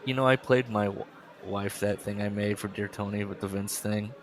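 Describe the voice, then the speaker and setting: Rambling man with a lowish voice. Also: fairly even intonation, moderate pace. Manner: rambling storyteller with many fillers and restarts. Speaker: podcast co-host. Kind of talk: casual chat.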